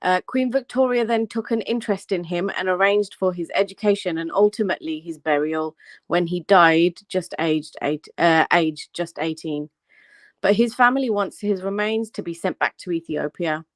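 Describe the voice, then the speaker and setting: A woman's voice: on the low side, normal speed, dry recording. Brummie woman reading aloud on a live stream. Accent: Birmingham. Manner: reads aloud with slips and self-corrections. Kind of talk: casual panel chat, reading an article aloud.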